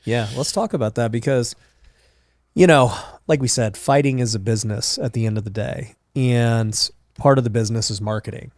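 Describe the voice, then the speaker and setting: A man's voice: mid-range voice, normal speed, darkish tone, dry recording. A man hosting a podcast, asking questions in a casual, slangy way. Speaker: podcast host.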